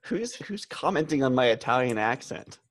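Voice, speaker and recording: A man's voice: medium pitch, sing-song, moderate pace, no echo. A man co-hosting a podcast in casual chat, laid-back and a bit hesitant, with frequent fillers. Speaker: podcast co-host.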